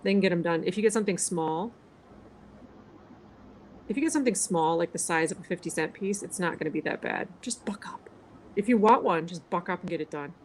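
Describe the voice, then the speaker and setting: A woman from Minnesota with a Minnesotan accent, chatting casually on a livestream, snarky and quick to laugh. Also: fairly low pitch, a little hiss or hum, low-quality recording. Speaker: livestream co-host. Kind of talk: casual chat.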